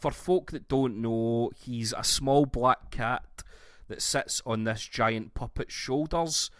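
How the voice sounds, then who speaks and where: A man's voice: mid-range voice, slow pace, no echo. Scottish man in a dry, close room. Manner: sweary, animated storytelling with laughs. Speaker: podcast co-host. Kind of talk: casual chat.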